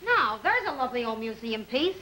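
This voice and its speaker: A woman's voice: fairly high pitch, sing-song, a little fast, noisy background. An actress playing a brash, wisecracking young woman in a 1940s film comedy. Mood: impressed. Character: brash young brassy showgirl type.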